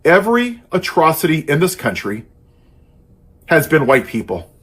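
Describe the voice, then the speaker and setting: A man's voice: fairly high pitch, big pitch swings, moderate pace, breathy edge. A man giving an angry, sarcastic political monologue in an impassioned, ranting way. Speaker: political commentator.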